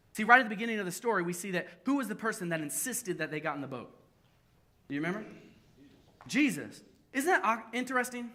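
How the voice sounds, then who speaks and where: A young adult man preaching a sermon at a church service, telling stories lively with self-deprecating humor. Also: high voice. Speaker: pastor.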